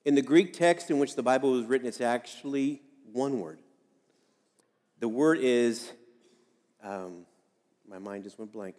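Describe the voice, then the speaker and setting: A man's voice: medium pitch, unhurried, long pauses, darkish tone, big-room sound. A man giving a sermon as a pastor, speaking conversationally and repeating key phrases for emphasis.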